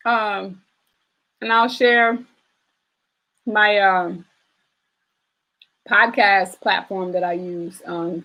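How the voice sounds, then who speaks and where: A woman fitness trainer chatting casually on a live stream, answering viewers and filling pauses with "you know" and "um". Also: fairly high pitch, sharp tone. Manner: chatty, reads and answers viewer comments, frequent fillers.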